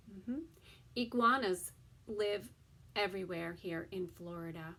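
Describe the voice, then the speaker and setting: A woman teaching a toddler circle-time lesson, drawing out words slowly and often dropping into a soft whisper. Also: medium pitch, expressive, a little hiss or hum. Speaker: preschool teacher.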